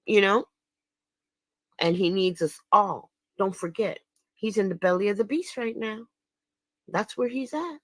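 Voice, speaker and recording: A woman's voice: mid-range voice, unhurried, pauses often, no room sound. A woman giving casual, indignant livestream commentary as an activist, emphatic and laughing scornfully at her critics.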